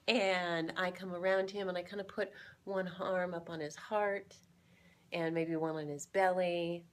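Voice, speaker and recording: A woman's voice: fairly low pitch, fairly even intonation, measured pace. A woman co-hosting a relationship tip video, explaining in an upbeat, casual way with fillers and frequent laughs. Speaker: relationship coach co-host. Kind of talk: casual instructional chat. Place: indoors, home kitchen demonstration.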